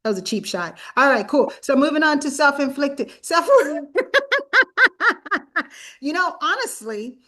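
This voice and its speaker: A woman host leads a relaxed talk-series conversation. She rambles toward her questions, backtracks and corrects herself, and laughs easily along the way. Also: high-pitched, moderate pace, few pauses. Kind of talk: casual conversational interview.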